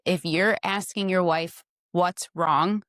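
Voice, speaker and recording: A woman appearing as a guest on her husband's podcast talks frankly about their marriage in a casual chat, giving direct advice and acting out little dialogues. Her voice is on the low side, steady, slow and a bit bright. The recording is dry and clean, with studio sound.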